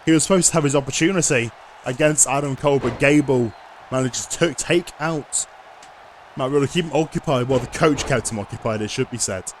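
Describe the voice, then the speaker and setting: A man giving lively play-by-play commentary over a wrestling video game, often bursting into loud excited shouts. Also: medium pitch, brisk, a little hiss or hum.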